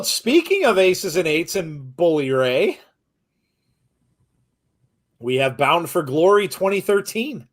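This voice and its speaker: A man co-hosting a live reaction commentary, excitable, laughing often and gushing with exclamations. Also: fairly high pitch, takes it slowly, pauses often. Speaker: co-host of a wrestling watchalong.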